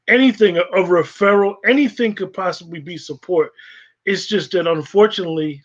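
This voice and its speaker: High-voiced New man hosting. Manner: relaxed, hesitant fillers, casual slang. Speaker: host. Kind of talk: casual livestream chat. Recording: dull lo-fi livestream audio.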